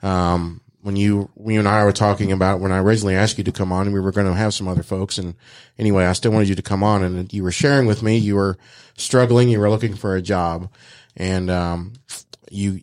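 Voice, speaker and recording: A male host with a fairly low voice talks with a guest in a casual interview. He is supportive and encouraging, and he hesitates often, filling gaps with "um"s and restarting his phrases. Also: level tone, brisk, darkish tone.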